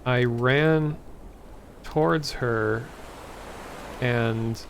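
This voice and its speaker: A man reads a story aloud very slowly, stopping and correcting himself mid-sentence. His voice sits in a middle register. There is faint ambient hiss behind him. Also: mid-range voice, creaky. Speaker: streamer. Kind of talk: reading an AI-generated story aloud live.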